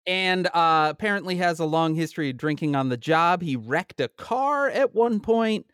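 A man with a fairly high voice co-hosts a casual talk show, trading wry, rambling remarks full of restarts. He is recorded close and dry, with no room sound behind him. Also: animated, moderate pace, a bit bright, clean tone, no room sound. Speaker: podcast co-host. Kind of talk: casual political chat.

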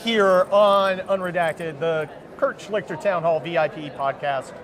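A man hosting a podcast outdoors at a busy event, joking loudly and calling out to people walking by. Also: on the high side, a little slow. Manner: loud, joking, calls out to passersby. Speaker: podcast host. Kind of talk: casual chat. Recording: crowd and music behind. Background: crowd and music.

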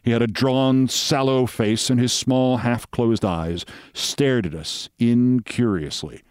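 A man reading a short story aloud as host, with measured, wry storytelling. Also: mid-range voice, darkish tone, smooth, no echo, clean studio sound.

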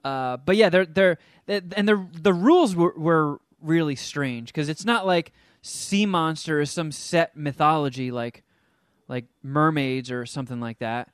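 Animated man with a dry close sound. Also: a little high, unhurried, clear, resonant tone, no room sound. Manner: animated storyteller, hams up silly voices for the characters he describes. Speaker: podcast co-host reviewing a film. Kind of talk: casual chat.

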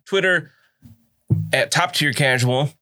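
Man, podcast co-host, bright and forward voice, loose plug reading. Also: a little high, slow pace. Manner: reads off plugs with fillers. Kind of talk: casual chat.

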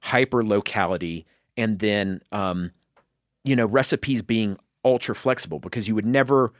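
A man's voice: fairly low pitch, moderate pace, dry recording, studio quality. A man, a chef chatting as a podcast guest, rambling through long explanations full of fillers. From Southern United States. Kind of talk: casual conversation.

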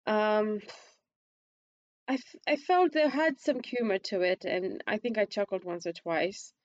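Woman, squeaky voice, casual film chat, hesitant restarts, dry slightly muffled recording. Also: a little slow, dry recording. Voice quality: self-described squeaky voice. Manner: hesitant, restarts often, rises in pitch when emphatic.

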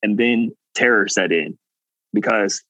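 A man's voice: fairly low pitch, unhurried, no echo, poor audio. A man guest telling a personal story earnestly, acting out what people said. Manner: animated, earnest, acts out quotes. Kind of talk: casual storytelling.

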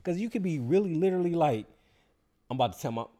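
A man chatting casually, telling a personal story in relaxed slang and acting out other people's voices. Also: fairly high pitch, quick pace. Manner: laid-back, slangy storytelling with animated quoted voices. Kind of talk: casual chat.

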